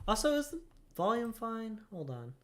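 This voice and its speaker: A man's voice: high voice, big pitch swings, normal speed. A man casually commenting while playing a video game, jokey and playful, laughing often. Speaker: let's-play host.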